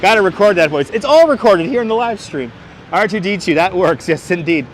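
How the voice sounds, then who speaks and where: This city walking guide has a high voice and talks fairly quickly and very animatedly as he livestreams outdoors on busy streets. Chatting with viewers by name, he recounts local street history into a wireless clip-on mic while faint traffic sounds behind him.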